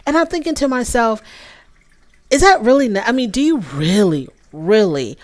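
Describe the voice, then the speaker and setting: A woman's voice: fairly high pitch, expressive, normal speed, dry recording. A woman giving a casual, opinionated recap of a show, chatty and full of fillers. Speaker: show reviewer.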